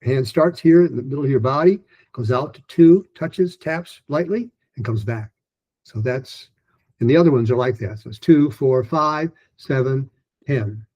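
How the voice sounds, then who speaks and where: Relaxed male teacher with a husky voice. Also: medium pitch, normal speed, dull audio. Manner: relaxed, informal, with many fillers; gestures while explaining. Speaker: pronunciation teacher. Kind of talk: online lesson.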